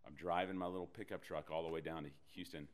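A man preaching a sermon, telling a personal story with animated delivery and self-deprecating humor. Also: sits low, quick pace. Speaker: pastor.

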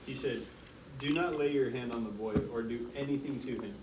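A man speaks from out in the room, away from the microphone, so his voice sounds echoey and distant. Clear background noise surrounds him. He talks softly and a little hesitantly, at a middle pitch. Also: brisk.

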